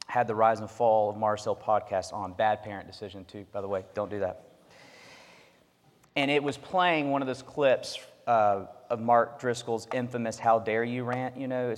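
A man's voice: mid-range voice, big-room sound. A man in his thirties preaching a sermon as pastor, earnest and conversational, with asides to the congregation.

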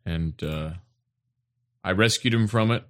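A man co-hosting a podcast, rambling through a deadpan mock eulogy and swearing casually. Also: low voice, unhurried. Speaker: podcast co-host. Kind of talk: improvised comedic bit.

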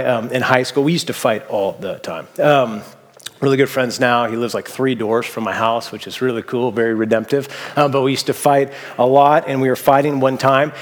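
A man's voice: medium pitch, big-room sound. Man preaching a conversational sermon. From Seattle area, US. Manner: casual, anecdotal storytelling with fillers. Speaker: pastor.

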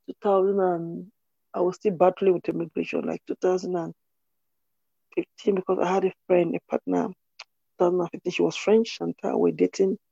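A woman from Cameroon, telling her own story in an interview in an earnest, halting way with many restarts. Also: fairly low pitch, vocal fry, dark tone, husky, no echo, lo-fi sound. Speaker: interview guest. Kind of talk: personal testimony in conversation.

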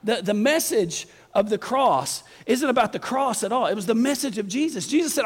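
Preacher guy, high voice, folksy and lively, big hall echo. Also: normal speed, hardly any pauses, husky. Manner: folksy, animated, addresses congregation directly. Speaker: pastor. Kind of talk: sermon. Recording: long reverb of a church hall.

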